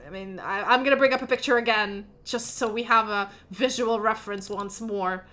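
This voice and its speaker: A woman's voice: mid-range voice, normal speed, pushed and bright. A woman narrating as game master of a tabletop fantasy game, chatty and given to laughing asides.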